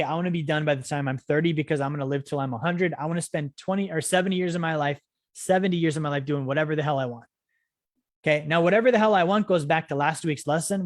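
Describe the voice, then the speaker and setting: A man's voice: a little high, no room sound, clean studio sound. A young man hosting a live-streamed finance lesson, talking energetically and asking "right?" and "okay?" over and over to rally his viewers. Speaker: financial education course host. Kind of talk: live-streamed teaching talk.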